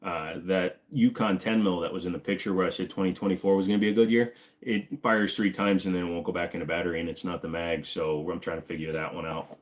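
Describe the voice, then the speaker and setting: A man hosting a casual livestream, chatting with viewers and reading the chat, joking and sarcastic, with sudden high exclamations. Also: steady tone, fast. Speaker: livestream host.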